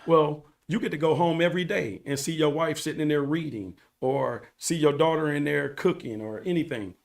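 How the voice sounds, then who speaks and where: A man's voice: fairly high pitch, normal speed, creaky. A man as a podcast guest, telling his story in an earnest, preachy way and repeating phrases for emphasis. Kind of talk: casual storytelling interview.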